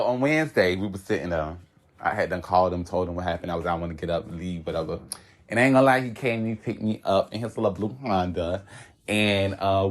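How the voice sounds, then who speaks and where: A young man from Florida spins a rambling story in casual conversation. His usual voice sits fairly low, but he breaks into loud, high-pitched bursts and laughs between lines. He talks in easy, slang-heavy speech. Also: a little hiss or hum. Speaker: podcast guest telling a story.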